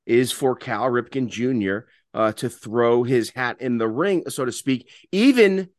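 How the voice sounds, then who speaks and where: A man's voice: mid-range voice, lively intonation, measured pace, dry recording, studio quality. A man from Maryland co-hosting a casual political podcast, talking conversationally with many fillers. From Maryland, USA. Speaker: podcast co-host.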